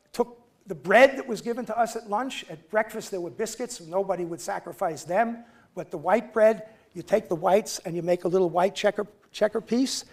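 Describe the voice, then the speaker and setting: A man in his seventies giving a lecture, telling personal stories conversationally with halting restarts. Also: high-pitched. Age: 70s. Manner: conversational, halting restarts, acts out quoted voices. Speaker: guest lecturer. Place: lecture hall.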